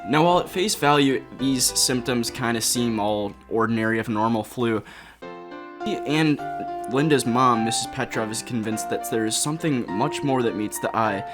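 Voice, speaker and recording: A man co-hosting a video game review show, talking in an enthusiastic, conversational way. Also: medium pitch. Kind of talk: casual review chat.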